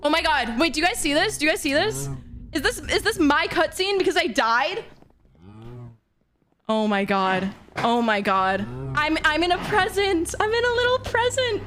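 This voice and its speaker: A woman's voice: extremely high pitch, big pitch swings, moderate pace, a bit bright, a little hiss or hum. A young woman streaming a game, talking emotionally and gushing thanks to her viewers with laughter. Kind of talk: live game stream chat. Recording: game music behind voice.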